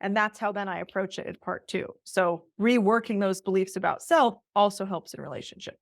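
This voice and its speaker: A woman co-hosting a relationship podcast, explaining ideas in a lively conversational way and acting out short quoted lines. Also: mid-range voice, a little fast, vocal fry, no echo. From Italian heritage. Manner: animated, acts out quoted voices. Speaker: podcast co-host, relationship therapist.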